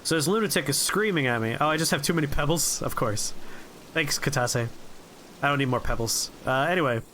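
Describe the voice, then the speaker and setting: A man streaming a game, rambling through profane, relaxed anecdotes as he plays. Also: on the high side, fairly quick, a little hiss or hum. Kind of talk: casual gameplay commentary and storytelling.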